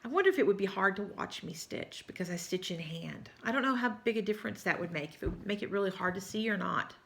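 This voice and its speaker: A woman with a Texan drawl chats to her viewers in a loose, rambling way, full of y'all and little apologies. She sounds tired and keeps yawning, and her voice has a bright, forward edge. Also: medium pitch, fast, gravelly. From South Texas. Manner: rambling, chatty, apologetic, says y'all often. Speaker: cross-stitch vlogger. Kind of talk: casual chat to viewers.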